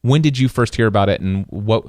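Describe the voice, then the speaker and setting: Excitable male podcast host, dry close mic. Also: on the low side, a little fast, no echo. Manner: animated, excitable storytelling with many restarts. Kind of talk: casual storytelling chat.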